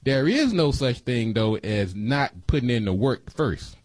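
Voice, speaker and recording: Male radio host, folksy and preachy, middle pitch, dry studio mic. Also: big pitch swings, measured pace, a little mellow, no echo. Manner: folksy, preachy, repeats phone numbers. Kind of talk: talk radio monologue. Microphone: studio microphone.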